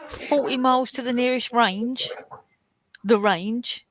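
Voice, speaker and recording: A woman's voice: a little high, fairly even intonation, takes it slowly, a little hiss or hum. A woman from the UK hosting a live colouring stream, chatting and laughing with guests over a video call. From United Kingdom. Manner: chatty, laughs often, tells stories. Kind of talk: casual chat on a video call.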